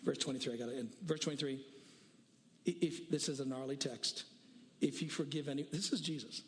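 A man's voice: mid-range voice, fairly even intonation, brisk, in a large hall. A man preaching a sermon, telling a story with voices for each person and daring listeners to pray honestly. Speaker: pastor.

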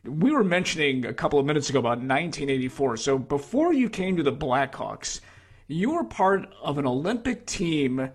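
A man interviewing a guest, setting up his questions briskly. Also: a little high, breathy edge.

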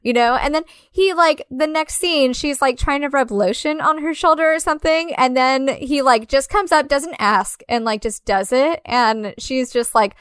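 A woman in casual conversation about a film, animated and profane, acting out characters' lines as she retells scenes. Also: high-pitched, normal speed, few pauses, dry recording, studio quality. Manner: animated, acts out quotes, profane.

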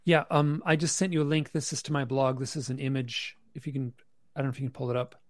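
A man as a podcast guest on a video call from his bedroom, telling a story in a casual, halting way with many restarts and fillers. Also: mid-range voice, little pitch movement, dry recording. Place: bedroom at home.

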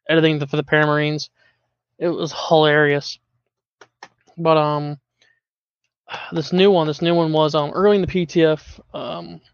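High-voiced man telling gaming stories. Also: dry recording. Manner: animated, laughs often, uses filler words. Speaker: podcast guest, longtime community member. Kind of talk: casual storytelling chat. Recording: dull lo-fi voice-chat audio.

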